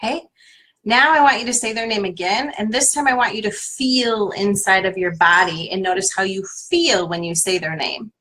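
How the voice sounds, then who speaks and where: Woman coach, bright voice, leads a tapping exercise and repeats a name for listeners to echo. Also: medium pitch, moderate pace. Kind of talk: guided tapping exercise on a live stream.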